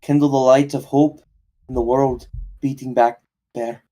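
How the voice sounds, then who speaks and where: A man's voice: mid-range voice, flat delivery, normal speed, warm tone, close to an everyday voice. A man voicing a determined adventurer who repeats a paladin oath earnestly, close to his own voice.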